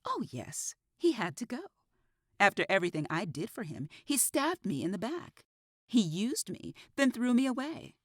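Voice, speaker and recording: Woman doing a menacing killer, eerily calm, husky, lively pitch swings, dry studio sound. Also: a little slow, dry recording, full character voice. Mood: bitter. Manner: eerily calm, rising to bitter outbursts.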